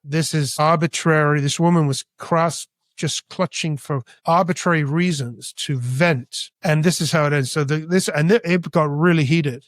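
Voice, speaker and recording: On the high side and at a moderate pace, the man talks with few pauses and no echo. He's an artist born in Britain and raised in Spain, animatedly telling his story in an interview and acting out conversations.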